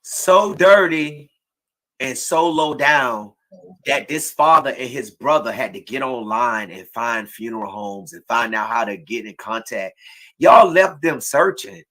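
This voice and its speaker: A woman hosting an impassioned livestream talk show, preaching and often shouting in outrage. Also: rumbling low, lively intonation, a little slow. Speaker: host.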